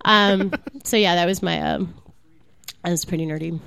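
A woman's voice: lowish voice, normal speed, creaky, a bit bright, smooth, dry recording. A woman comedian telling a story as a guest on a live comedy podcast. She is bubbly, laughs often and fills her talk with "like". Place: live comedy club stage.

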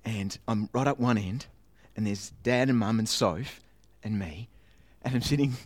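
A man preaching in a chatty, self-mocking way, telling a childhood story with animated voices and sound effects. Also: on the low side, a little slow. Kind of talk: storytelling sermon.

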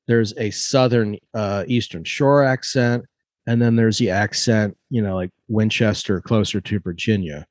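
A man with a lowish voice tells stories with relish, swearing freely. His voice is heard close and dry, with no room around it. He sounds casual and lively. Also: a little slow, no room sound. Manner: profane, enthusiastic storyteller. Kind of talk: casual chat.

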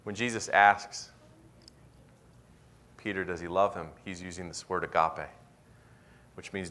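Deep-voiced male pastor preaching. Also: unhurried, long pauses. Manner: swings from loud excited bursts to soft whispered intensity. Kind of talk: sermon.

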